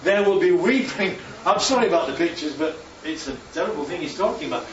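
A man's voice: a little high, animated, quick pace, few pauses, a crowd in the background. A man from northern England preaching a sermon in a chatty, joking way, often asking the congregation questions. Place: church hall. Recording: echoey church room, distant mic, dull sound.

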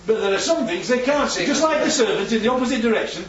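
A man's voice: very high-pitched, animated, quick pace. A man giving an informal Bible talk as a preacher, chatty and often checking in with his listeners. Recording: echoey, distant, dull sound.

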